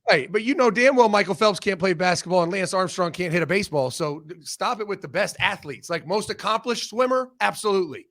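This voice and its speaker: A man from Ohio, a former football coach, chatting as a guest and telling profane, animated stories. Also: high voice, a little fast, hardly any pauses. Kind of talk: casual sports chat.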